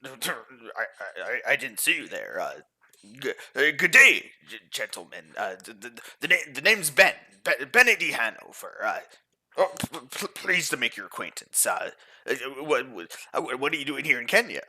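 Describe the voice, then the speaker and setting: A man voicing a big burly, not very bright middle-aged man who stammers nervously. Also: fairly high pitch, sing-song, quick pace, few pauses, breathy edge, heavily acted. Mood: flustered. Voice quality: stammering, flustered.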